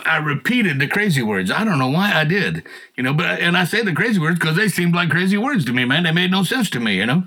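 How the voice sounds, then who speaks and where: A man's voice: high voice, husky, poor audio. A man sharing a personal faith testimony in casual conversation, acting out the people he quotes. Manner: animated storyteller who acts out quotes and laughs.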